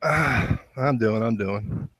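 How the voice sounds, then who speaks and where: A man's voice: medium pitch, extremely slow, fairly bright tone, no echo, rough recording. A man calling in to a livestream, chatting casually and easygoing. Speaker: caller on a livestream. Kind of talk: casual chat.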